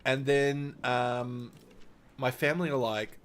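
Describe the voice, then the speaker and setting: A man's voice: mid-range voice, fairly even intonation, takes it slowly. A man streaming, telling a long personal story in casual, rambling talk full of fillers and little laughs.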